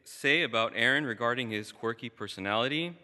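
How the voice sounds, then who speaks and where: A man's voice: medium pitch, brisk, pushed and bright. A man sharing formal remarks about a friend at a memorial service. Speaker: student speaker. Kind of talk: memorial tribute speech. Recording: long hall reverb.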